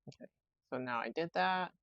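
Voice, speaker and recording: Low-voiced woman chatting on a podcast. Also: expressive, moderate pace, no room sound, dull audio. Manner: rambling, chatty, self-reflective. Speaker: podcast host. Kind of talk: casual solo podcast chat.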